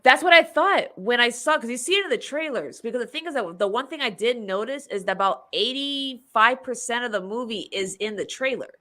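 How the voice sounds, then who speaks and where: A woman's voice: a little high, expressive, fairly quick, few pauses, pushed and bright. A woman hosting a podcast, chatting casually and rambling through a movie review, laughing often. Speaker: podcast host.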